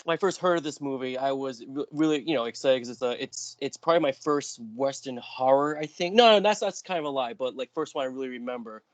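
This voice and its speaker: A man's voice: medium pitch, fast talker, few pauses, no room sound. A man in his thirties co-hosting a casual podcast, eager and restless, tumbling through his words with fillers. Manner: excitable, restless, lots of fillers. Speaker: podcast co-host. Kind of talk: casual chat.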